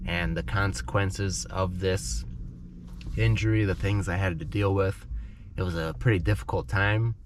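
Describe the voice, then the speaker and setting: A man with a congested, stuffy nose from a cold, telling a personal story slowly and clearly as an English lesson, often checking in with "okay?". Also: deep voice, slight background noise. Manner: slow, clear, explains vocabulary, checks in with "okay?". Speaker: English teacher, channel host.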